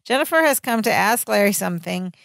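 A woman's voice: medium pitch, animated, fairly quick, creaky, fairly bright tone, dry recording, studio quality. A woman co-hosting a podcast, recapping a sitcom episode in casual chat and acting out the quoted lines. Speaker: podcast co-host.

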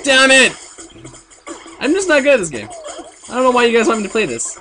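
A young man giving jokey, excitable commentary while playing a video game, with sudden outbursts. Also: very high voice, a little fast, pauses often, faint music behind. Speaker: let's play gamer. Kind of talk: goofy gameplay commentary.

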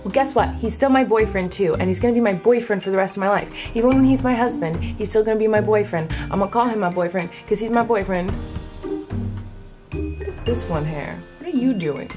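A woman in her twenties chatting casually to camera in a vlog, bubbly and animated, with her pitch jumping up when excited. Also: a little fast, over music. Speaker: vlogger.

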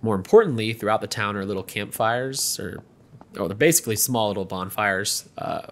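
A man's voice: fairly low pitch, normal speed. A young man hosting a gameplay video, chatting casually with many ums and you-knows.

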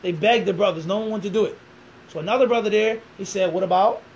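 A man telling a long story as an interview guest, animated, acting out quoted dialogue and throwing in rhetorical questions. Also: sits high, fast, slight background noise, poor audio.

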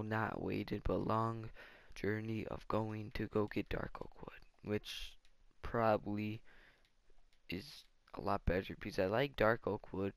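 A man's voice: fairly low pitch, no room sound. A man giving casual let's-play commentary, rambling and thinking aloud as he plays. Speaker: gaming channel host.

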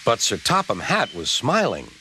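A man narrating a children's storybook in a lively, expressive way, with music behind. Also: mid-range voice, normal speed, a little hiss or hum. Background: background music.

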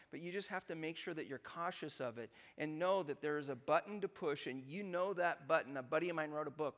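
A man preaching a sermon as pastor, animated and joking, tossing "right?" back to the congregation again and again. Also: fairly high pitch. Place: church sanctuary.

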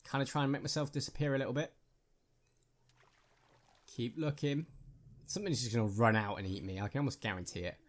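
A man's voice: mid-range voice, fairly even intonation, brisk, long pauses. A man hosting a gaming channel, giving casual, jokey commentary on his own gameplay and chatting with viewers.

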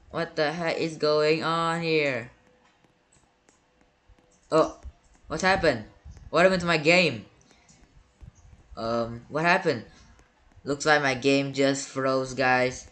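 A man's voice: fairly high pitch, steady tone, slow pace, pauses often, fairly bright tone. A man giving gameplay commentary as a YouTuber, panicky and stammering, repeating words over and over. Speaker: gaming YouTuber.

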